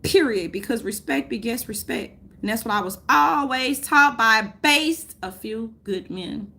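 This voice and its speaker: A woman, ranting loudly and profanely to her viewers, laughing often. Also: a little high, animated, unhurried. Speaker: vlogger. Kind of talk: unscripted rant to camera.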